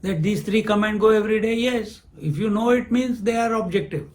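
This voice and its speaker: A man delivers a spiritual discourse. He speaks at an unhurried pace, often posing questions and then answering them himself. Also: high-pitched, a little mellow. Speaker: spiritual teacher.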